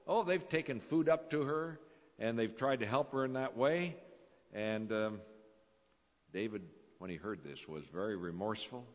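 A man's voice: on the low side, moderate pace. A man preaching a sermon, telling stories with dramatic, swelling emphasis. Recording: dull lo-fi recording in a reverberant hall.

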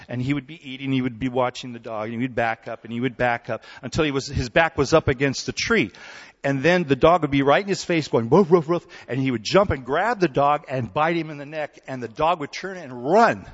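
A man preaching a sermon in a relaxed, conversational way, telling stories and often checking in with his listeners. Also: mid-range voice, a little fast. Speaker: pastor. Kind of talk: sermon with storytelling. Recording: dull recording in a hall with long reverb.

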